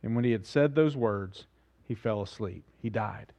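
A man's voice: fairly low pitch, moderate pace, warm tone. A man preaching a sermon as pastor, speaking earnestly, asking his listeners questions and repeating phrases for emphasis.

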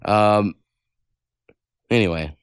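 Podcast host, man, smooth voice, dry close mic, blunt and profane chatter. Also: fairly low pitch, drawn-out words, dry recording. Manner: blunt, heavy cussing, animated rants. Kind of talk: casual podcast chat, reading listener emails.

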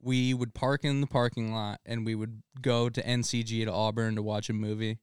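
A young man with a mid-range voice tells a hometown story in an easygoing, dry-humored way. His voice is smooth and clean, recorded close with no room sound. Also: fairly low pitch, little pitch movement, normal speed, no echo. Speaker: podcast co-host. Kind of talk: casual storytelling chat.

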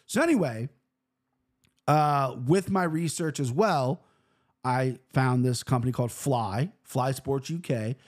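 Profane, animated storytelling man. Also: a little slow. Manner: profane, animated, acts out quotes with pitch jumps. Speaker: podcast host. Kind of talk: casual storytelling monologue. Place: home room at a computer.

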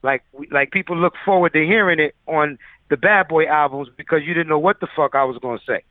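Man, producer guest, loose storyteller, higher voice, dry phone-like sound. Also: quick pace, no echo. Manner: loose, filler-heavy storyteller. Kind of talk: casual interview storytelling. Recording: tinny phone-like line.

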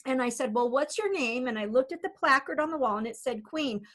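A woman who works as an animal communicator, telling a story in a lively, chatty way and laughing often. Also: sits high, brisk. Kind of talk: storytelling in casual chat.

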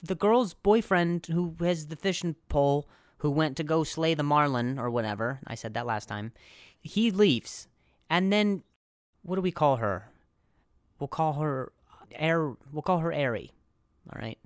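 A man's voice: fairly high pitch, lively intonation, a little slow, dry recording, studio quality. A young adult man hosting a casual comedy podcast, rambling through a story with lots of jokes, asides and restarts. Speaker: podcast host.

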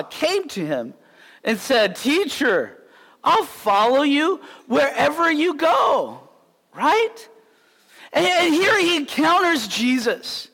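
A man preaching a sermon as a pastor, telling stories in an animated way and acting out the scenes. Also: extremely high pitch. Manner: animated storytelling, acts out scenes. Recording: long hall reverb.

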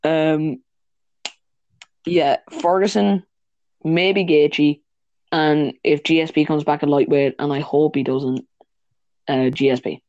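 A man's voice: on the high side, fairly even intonation, takes it slowly, long pauses, darkish tone, no echo, highs cut off. A man co-hosting a casual podcast, talking fight sports, swearing and laughing often. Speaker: podcast co-host. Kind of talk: casual chat.

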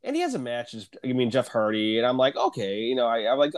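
With huge swings in his medium-pitched voice, this man talks fast and barely pauses, and there's no room sound in the recording. He co-hosts a laid-back wrestling podcast, cursing freely and using fillers, with a leftover cough from a cold he's shaking off.

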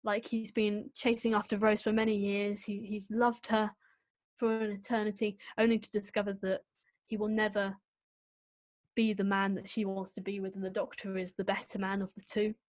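A woman co-hosting a casual podcast, giving an opinionated, animated critique with quick asides. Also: mid-range voice, no room sound. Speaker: podcast co-host reviewing an episode. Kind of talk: casual chat.

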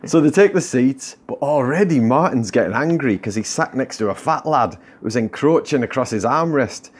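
A man's voice: medium pitch, animated, normal speed, few pauses, breathy edge. A man hosting a podcast, telling a comic story and laughing often. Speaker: podcast host.

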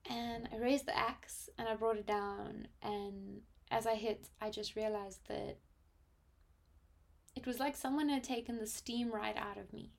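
A woman in her twenties with a South African accent, telling a personal story reflectively, with frequent pauses and fillers. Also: a little high, fairly even intonation, creaky. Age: 20s. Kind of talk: personal testimony.

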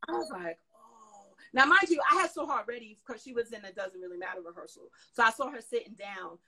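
A woman telling a lively story in a casual interview, excitable and full of slangy asides. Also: fairly high pitch, fairly quick, breathy edge, low-quality recording. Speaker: guest dancer and choreographer.

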